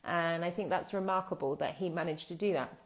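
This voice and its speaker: A British woman teaching English in a live online lesson, speaking in a thoughtful, explanatory way with pauses and fillers. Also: on the low side.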